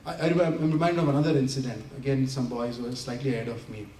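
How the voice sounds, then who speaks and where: A man talking very fast at medium pitch tells anecdotes to an audience at a community center, animated and laughing a lot while acting out quotes. As an invited speaker, he is recorded from a distance in a roomy hall, with faint ambience and a little hiss or hum.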